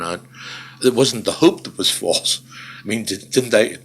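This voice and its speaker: An older man, a guest in an interview, telling stories in an emphatic, conversational way with dry humor and frequent pauses and fillers. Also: fairly low pitch, fairly bright tone, husky. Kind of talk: conversational storytelling.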